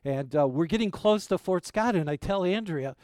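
A man's voice: sits high, lively intonation, normal speed, darkish tone, no echo, clean studio sound. A middle-aged male pastor preaching a sermon, telling family stories in a folksy, rambling way with many fillers.

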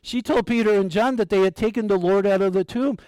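A man preaching a sermon as pastor, animated, asking his listeners questions and dropping to a near hush for emphasis, with light humor. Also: high-pitched, fairly quick, smooth, dry recording. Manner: light humor with an occasional chuckle.

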